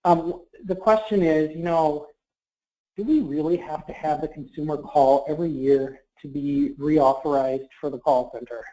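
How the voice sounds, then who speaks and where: A man's voice: on the high side, fairly even intonation, moderate pace, mellow. A man answering questions in a webinar, explaining policy carefully and hedging, with many fillers. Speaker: government marketplace representative. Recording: muffled webinar audio.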